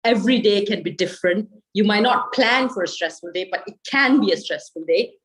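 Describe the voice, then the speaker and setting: A woman's voice: mid-range voice, brisk, a bit bright, low-quality recording. A woman leading a guided laughter yoga session over a video call, coaxing and encouraging her listeners.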